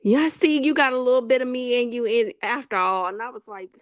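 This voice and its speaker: A woman hosting a casual chat, telling a story with lively acted-out quotes and frequent laughter. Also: fairly high pitch, quick pace, clean tone, no echo. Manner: animated storyteller, acts out quotes, laughs often. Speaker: host.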